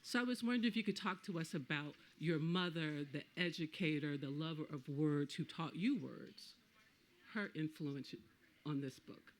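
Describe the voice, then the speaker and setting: Man, slightly high voice, onstage interviewer, thoughtful, slow long question. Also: slight background noise. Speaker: interviewer at a book event.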